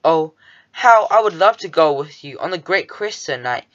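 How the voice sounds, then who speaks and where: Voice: mid-range voice, animated, normal speed, a bit bright, lo-fi sound, lightly acted. A reader voicing a small, devoted male cockroach who speaks earnestly and wistfully.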